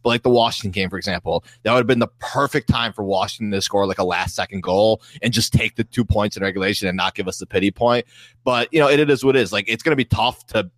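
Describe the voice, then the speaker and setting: Nasal, low-voiced podcast guest, a man. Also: quick pace, dry recording. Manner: self-deprecating, rambling with restarts. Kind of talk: casual podcast chat.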